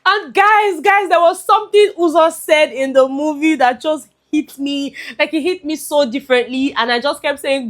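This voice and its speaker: A woman's voice: sits high, moderate pace, few pauses, fairly bright tone. A young Nigerian woman with a Nigerian accent, chatting expressively as a movie reviewer and slipping into pidgin. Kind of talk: casual chat.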